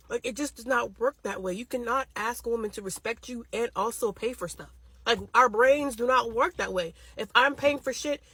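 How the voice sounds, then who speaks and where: A woman rants through a story at a rapid clip, blunt and profane. Her voice sits a little high with a husky, breathy edge. The recording is dry and close, with no room sound. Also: fairly bright tone, no room sound. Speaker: storytime vlogger. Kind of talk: casual storytime rant.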